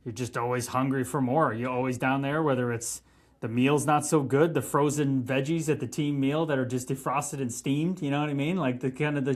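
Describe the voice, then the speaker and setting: A man in his thirties, a former pro hockey player, swearing freely as he tells stories in a casual podcast interview. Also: fairly high pitch. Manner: profane, animated storytelling.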